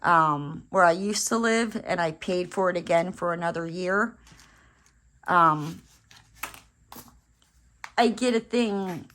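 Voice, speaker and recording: A woman's voice: on the low side, slow, long pauses, fairly bright tone. Rambling chatty woman crafting vlogger. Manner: rambling, chatty, many fillers and restarts. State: briefly out of breath after running downstairs. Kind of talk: casual storytelling while crafting. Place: home.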